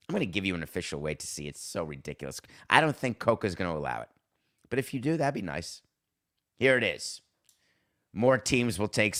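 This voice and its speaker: A man hosting a sports podcast, delivering a sarcastic, animated, worked-up opinion monologue. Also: lowish voice, moderate pace. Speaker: podcast host.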